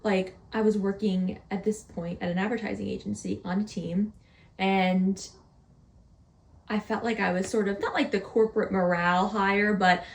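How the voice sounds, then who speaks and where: A young woman hosting a podcast, telling a story in a playful, casual way and stretching her words out slowly for effect. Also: mid-range voice, fairly even intonation, echoey room. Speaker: podcast host.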